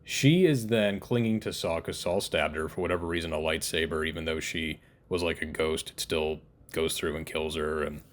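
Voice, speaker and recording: A man's voice: rumbling low, normal speed, few pauses. A man giving a casual spoken TV review, exasperated and incredulous, often laughing in disbelief. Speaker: TV show reviewer.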